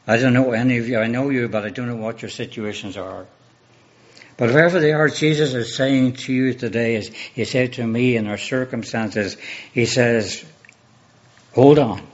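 A man preaching a sermon as a pastor, measured and earnest, building on repeated rhetorical questions. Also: medium pitch, muffled recording.

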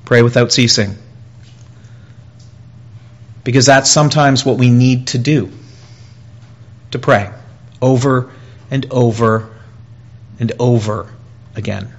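A man preaching a sermon in an earnest way, repeating phrases and pausing, and growing louder and higher when he voices pleas. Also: steady tone, muffled recording. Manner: earnest, with pauses and repetition, rising and louder in quoted pleas.

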